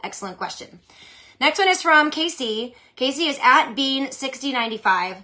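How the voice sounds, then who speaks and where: A young adult woman hosting a fantasy football show, chatting casually and with strong opinions as she answers listener questions. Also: sits high. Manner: chatty, opinionated, animated, with quick asides. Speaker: fantasy football podcast host.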